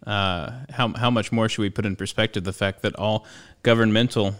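A man with a low, smooth, resonant voice co-hosts a casual podcast chat about scripture. He is playful and jokes easily. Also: fairly even intonation, normal speed, fairly bright tone. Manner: playful, jokes and plays devil's advocate. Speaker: podcast co-host.

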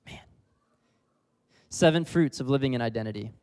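Young male preacher, casual and giggly delivery, medium pitch, long-reverb hall. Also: moderate pace, a little mellow. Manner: casual, laughs often, leads the crowd in repeating lines. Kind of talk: sermon.

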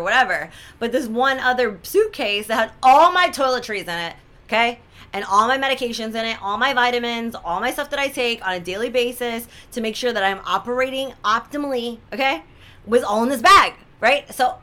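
Animated bright-voiced woman telling a story. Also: fairly high pitch. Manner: animated, exaggerated quoted voices, frequent "right?" asides. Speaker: social media storyteller. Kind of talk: casual storytelling to followers.

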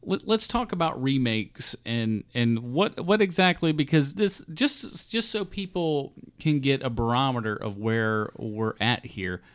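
A man hosting a casual film podcast, talking in halting bursts with frequent restarts and fillers, swearing now and then. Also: medium pitch, lively intonation, clear, resonant tone. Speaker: podcast host.

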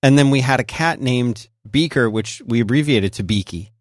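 A middle-aged man chatting as a podcast co-host, easygoing and expressive, retelling family moments. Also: mid-range voice, normal speed, no room sound, studio quality. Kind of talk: casual chat.

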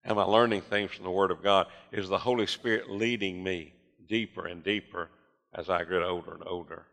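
A man's voice: deep voice, fairly even intonation, a little fast, vocal fry, a bit bright. An older male pastor preaching a sermon in a church, building to fervent appeals and voicing his listeners' objections. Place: church sanctuary. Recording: long reverb of a church hall.

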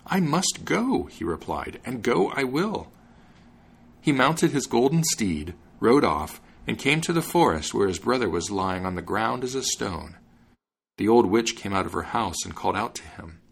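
A man hosting a podcast and reading a fairy tale aloud in an expressive, measured way. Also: on the low side, vocal fry, slightly rough. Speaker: podcast host and narrator.

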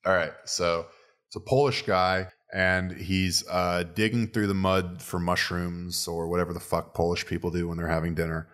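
A man's voice: low voice, level tone, moderate pace, fairly bright tone. A man telling a crude joke in casual conversation, swearing freely and rambling as he builds it. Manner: profane, rambling storyteller.

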